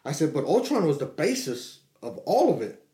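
Middle-aged guy spinning a story, swears a lot, acts out the quotes, kinda high voice, echoey room. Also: very animated, moderate pace, mellow. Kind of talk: casual chat.

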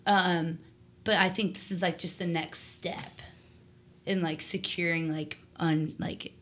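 A woman's voice: fairly low pitch, steady tone, slow pace. A woman co-hosting a podcast, chatting casually and eagerly, with lots of filler words. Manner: chatty, enthusiastic, many "like" fillers. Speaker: podcast co-host. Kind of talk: casual chat.

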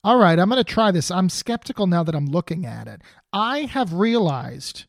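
A woman podcast host with a lowish, very lively voice, chatting casually and exclaiming as she tastes things. The sound is dry and close, with no room echo. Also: moderate pace, gravelly. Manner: playful, exclaims while tasting. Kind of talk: casual chat, tasting food on a podcast. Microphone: podcast mic, guest on video call.

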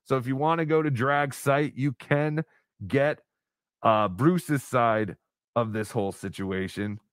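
A man's voice: medium pitch, measured pace, no echo. Man, podcast host, casual rambling delivery, dry close sound. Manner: rambling, hesitant, with many fillers. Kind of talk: casual live-stream chat.

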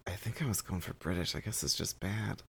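A man's voice: low-pitched, fairly quick, vocal fry, a bit bright, slightly rough. A man playing a tabletop game, explaining his ideas in loose, rambling phrases. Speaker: player.

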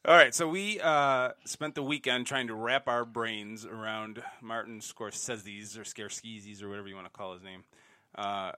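A man's voice: lowish voice, steady tone, moderate pace, sharp tone, clean tone, no echo. A man hosting a casual pop culture podcast with a jokey, loose way of talking. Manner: jokey, loose, plays sound effects. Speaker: podcast host. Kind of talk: casual chat.

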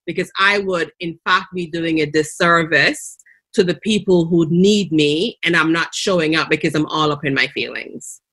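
A woman's voice: deep voice, normal speed, a bit bright. A woman with a Jamaican accent hosting an interview, coaching and encouraging her guest. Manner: encouraging, coaching, often ends with "right?". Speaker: host, coach. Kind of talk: casual interview chat.

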